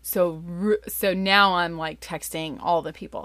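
Woman, thirties, casual storyteller, lively and chatty, dry close sound. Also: a little slow, few pauses, no echo. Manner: lively, chatty, full of "like" fillers, jumps much higher for quoted voices. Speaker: mother telling a family story.

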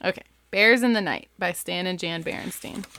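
Chatty mom recommending picture books. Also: female voice, on the low side, moderate pace, sharp tone. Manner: chatty, enthusiastic, lots of likes. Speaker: parent sharing picture books. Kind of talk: casual book recommendation chat.

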